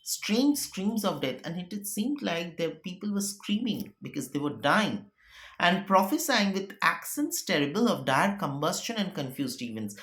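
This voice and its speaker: A woman's voice: lowish voice, big pitch swings, normal speed, fairly bright tone. A woman teacher explaining a play line by line, repeating and paraphrasing. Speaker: English teacher. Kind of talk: literature lesson. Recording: echoey room.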